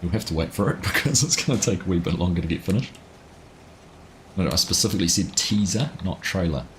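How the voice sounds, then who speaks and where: A man chats easily with his viewers, greeting them by name between moves in the game. His voice sits very low. Faint noise and keyboard typing run under it. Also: fast. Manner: chatty, greets viewers by name, relaxed asides. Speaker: gaming livestream host. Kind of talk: casual chat while playing live.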